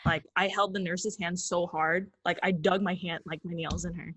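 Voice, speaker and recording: A woman co-hosting a podcast, talking in playful, quick casual chat. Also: fairly low pitch, fairly even intonation, fairly bright tone. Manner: playful, quick, says "dude". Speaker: podcast co-host.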